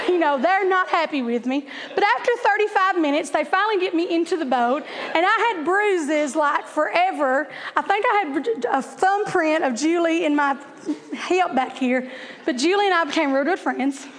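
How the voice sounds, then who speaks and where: A woman's voice: high-pitched, a bit bright. A woman, telling humorous stories to an audience and laughing at her own jokes. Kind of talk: humorous storytelling talk to an audience. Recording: long hall reverb.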